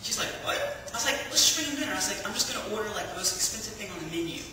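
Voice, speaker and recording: Bright-voiced woman telling a testimony. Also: mid-range voice, racing, a little hiss or hum. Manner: lively storyteller who acts out dialogue and laughs often. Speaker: speaker giving a testimony. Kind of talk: personal testimony to a church audience. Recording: echoey hall, from far off.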